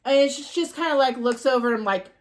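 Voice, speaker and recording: A woman co-hosting a podcast, recapping a movie plot in a rambling, halting way full of ums. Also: sits high. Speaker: podcast co-host. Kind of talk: casual chat recapping a movie.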